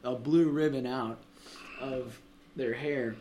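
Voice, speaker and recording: A man telling jokes casually among friends, animated and laughing as he goes. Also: medium pitch, slow pace, slight background noise, rough recording. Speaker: joke teller.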